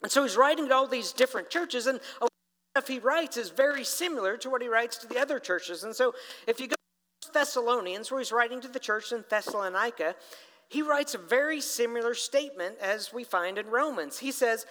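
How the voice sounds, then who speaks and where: A man's voice: extremely high pitch, moderate pace. A middle-aged man, a pastor, preaching a sermon in a church hall, telling a family story and talking straight to the congregation. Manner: storytelling, animated, addresses people directly. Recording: long hall reverb.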